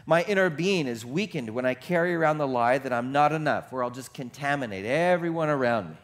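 Here a pastor gives a sermon that drifts from hushed reflection into loud, rapid-fire exclamations, with questions put to the listeners. His medium-pitched voice is expressive.

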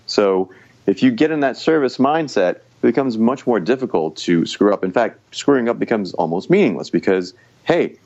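A man as the guest expert in a podcast interview, explaining public speaking in an animated, coaching way. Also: low voice, muffled recording. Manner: animated, coaching, uses quoted inner voices.

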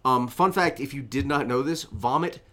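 A young man in casual podcast chat tells a story at length, cursing freely. His pitch sits in the middle for a man. He rambles with fillers and quoted asides. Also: moderate pace, a bit bright. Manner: rambling, profane, laughing through the story. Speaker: podcast co-host.

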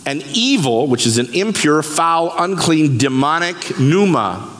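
Animated man preaching in a hall. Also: on the high side, unhurried. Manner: animated preaching, breaks scripture down word by word. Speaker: pastor. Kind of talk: sermon. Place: church sanctuary. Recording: long reverb of a church hall.

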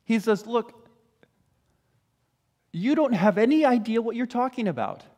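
A man's voice: extremely high pitch, expressive, a little slow, darkish tone. A man preaching a sermon, talking conversationally and building to emphatic rhetorical questions. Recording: long hall reverb.

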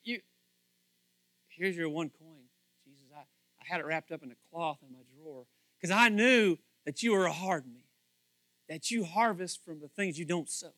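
A man preaching a casual sermon, animated and acting out little scenes with different voices. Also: fairly high pitch, moderate pace, no room sound.

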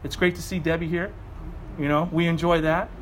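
High-pitched guy preaching, fired up and chatty, pastor sermon vibes. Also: flat delivery, fairly quick, a little hiss or hum. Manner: fired-up, conversational preaching with asides.

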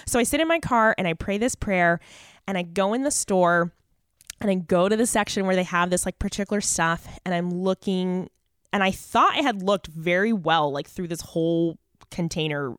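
A woman's voice: medium pitch, animated, moderate pace, no echo, clean studio sound. A woman guest on a podcast, telling a story in an earnest, chatty way with lots of fillers. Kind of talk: casual storytelling.

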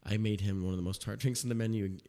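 A man's voice: lowish voice, steady tone, warm tone. A young man, a bartender, telling stories in a casual podcast chat, acting out customers in his own voice. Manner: rapid storytelling, quotes customers in his own voice. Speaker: bartender guest.

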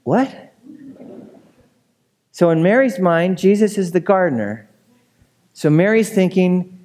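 A man delivers a sermon in a relaxed, talky way and keeps checking in with his listeners. His voice sits a little high for a man. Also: slow pace, pauses often. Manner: conversational, asks the room questions. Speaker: pastor.

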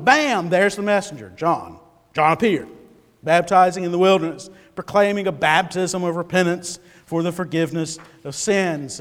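A man preaching a sermon and reading scripture, telling stories with lively, dramatic bursts and halting repeated words. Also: high-pitched, big-room sound. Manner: animated, dramatic storytelling with sudden loud bursts; halting repetitions. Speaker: pastor.

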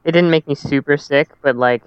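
A man's voice: a little high, a little fast, clear, resonant tone, no echo, dull audio. A man co-hosting a casual gaming podcast who makes his case with leading questions. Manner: argumentative, asks leading questions. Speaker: podcast co-host. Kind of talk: casual chat.

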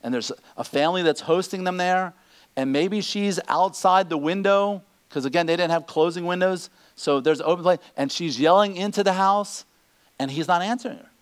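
A man preaching a sermon, animated, acting out the people he quotes. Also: high-pitched, normal speed, smooth. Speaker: pastor.

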